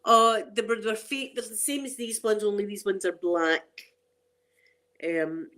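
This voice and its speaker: A middle-aged Scottish woman with a mid-range, fairly bright voice talks a little slowly and in a steady tone. On her ASMR channel she chats casually and rambles, restarting often and laughing.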